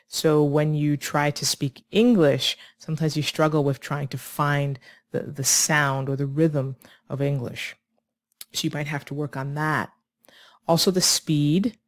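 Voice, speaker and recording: An English teacher explains speaking problems to learners in a clear, measured way. The voice sits at a middle pitch and is recorded close and dry, with no room sound. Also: dry recording. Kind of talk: scripted lesson to camera.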